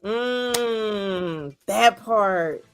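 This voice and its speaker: Female host, lively and playful, medium pitch, with faint background music. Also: very slow. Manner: animated and playful. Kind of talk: casual chat.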